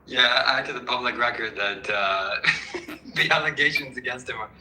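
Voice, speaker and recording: A man's voice: medium pitch, moderate pace, bright, forceful tone, echoey room, slight background noise, poor audio. A man chuckling through short statements for the record.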